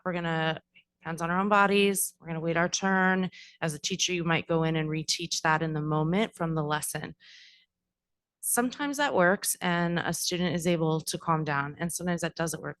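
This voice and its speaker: A young adult woman from the school district explaining classroom strategies at a board meeting, informal with many fillers. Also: low voice. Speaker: district staff presenter.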